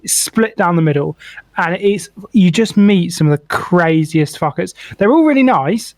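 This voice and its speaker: A young man tells a long, sweary story on a podcast, packing it with "like" and "right?". His voice sits a little high for a man, and the recording is dry and close. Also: normal speed, no echo. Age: young adult. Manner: swears freely, animated anecdote with lots of "like". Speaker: podcast co-host. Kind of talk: casual storytelling chat.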